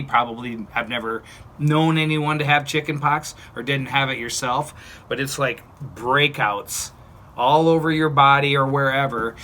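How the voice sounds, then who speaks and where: Bright-voiced chatty man in his fifties. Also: medium pitch, a little hiss or hum. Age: 50s. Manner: chatty and blunt, with playful asides. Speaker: vlogger. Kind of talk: casual personal story to camera.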